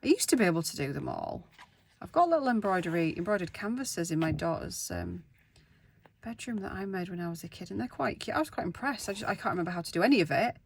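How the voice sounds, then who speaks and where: A woman's voice: fairly low pitch, sing-song, fast talker, vocal fry, slight background noise. A woman in her thirties, chatting casually and self-deprecatingly to viewers as she works on a craft project at home. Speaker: craft vlogger. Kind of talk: casual craft-along chat.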